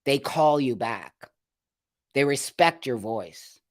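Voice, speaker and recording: Animated yet slow, this medium-pitched man hosts a live show, talking to viewers and reading their comments. He rants indignantly and emphatically, repeating phrases for effect.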